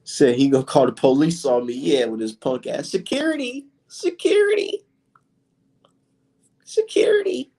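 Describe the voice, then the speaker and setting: A man giving a profane, excitable reaction to boxing clips on his vlog, swearing and mocking as he talks. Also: mid-range voice, brisk, hardly any pauses. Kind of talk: profane casual reaction commentary.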